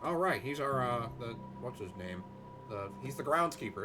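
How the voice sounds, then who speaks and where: A young man giving excitable, jokey let's-play commentary, swearing casually. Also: medium pitch, normal speed, music in the background. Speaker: gaming host.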